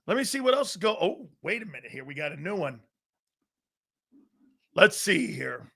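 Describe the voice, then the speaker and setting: Excitable man hosting a loud sports show. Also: high voice, normal speed, creaky, pauses often, breathy edge. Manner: loud, excitable, laughs often, argues with chat. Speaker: sports talk show host. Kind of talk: live sports talk show reading chat.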